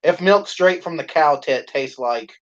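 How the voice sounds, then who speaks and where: A man co-hosting a live stream in casual chat, swearing a lot, laughing and shouting out quoted lines. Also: on the high side, expressive, unhurried, highs cut off. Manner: profane, laughing, acts out quoted lines loudly.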